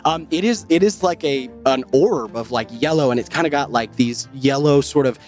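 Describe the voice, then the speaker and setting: A man running a tabletop game as game master, narrating with animated asides and frequent laughter. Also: mid-range voice, normal speed, soft background music.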